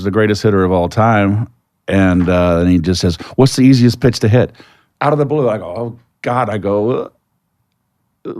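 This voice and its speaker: An older man, a retired baseball player, telling stories as a guest in a podcast interview, reflective and lively when acting out conversations. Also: low-pitched, dry recording, studio quality.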